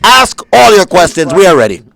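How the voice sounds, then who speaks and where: A man's voice: high-pitched, big pitch swings, brisk, creaky, fairly bright tone. A man co-hosting a call-in radio show, joking and teasing his partner, and reading out phone numbers and social media handles. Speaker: radio co-host. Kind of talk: casual radio banter.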